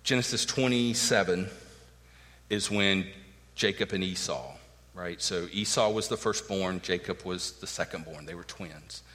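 A man's voice: low voice, a little slow, fairly bright tone, long reverb tail. A man preaching a sermon, emphatic and earnest, acting out the words of the people in his text. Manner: emphatic preaching, acts out quoted lines. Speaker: pastor.

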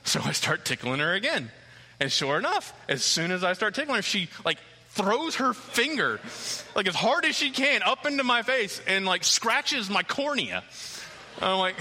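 A man in his thirties preaching a sermon, an animated storyteller who acts out the scenes as he tells them. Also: sits high, moderate pace. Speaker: pastor. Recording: long hall reverb.

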